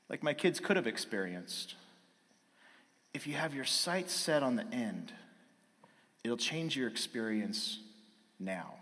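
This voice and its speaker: A man's voice: fairly high pitch, sharp tone. A man in his thirties preaching a sermon built around a family story, now and then acting out his children's voices. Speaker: pastor. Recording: long hall reverb.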